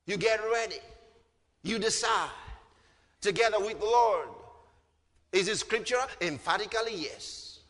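Fervent high-voiced preacher in a hall. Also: male voice, a little slow, pauses often. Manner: fervent, often shouting, drawing out words. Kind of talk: sermon. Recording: hall reverb.

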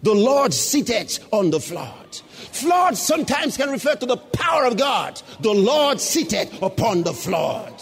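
A male pastor with a very high voice that rises and falls a lot as he preaches. He takes his time, reading scripture in a drawn-out way and breaking into bursts of shouting. A faint hiss sits under the recording. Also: big pitch swings, creaky, long reverb tail. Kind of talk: sermon. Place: church.

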